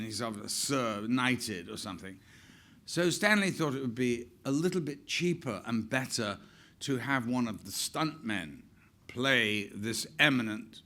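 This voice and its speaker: An older man, an actor, tells chatty anecdotes on stage in a medium-pitched, fairly bright voice. He laughs often and acts out quotes.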